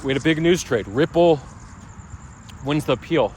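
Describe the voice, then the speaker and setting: Talking about crypto and how his day went, a man drifts through a loose monologue full of asides and restarts. He speaks at normal speed in a slightly high, expressive voice with a darkish tone, over a bit of hiss or hum.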